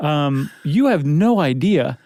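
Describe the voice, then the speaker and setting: A man's voice: a little high, very animated, slow, mellow, no room sound. Dry-sounding podcast co-host, joking man. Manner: joking, conversational, trails off and restarts. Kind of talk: casual chat.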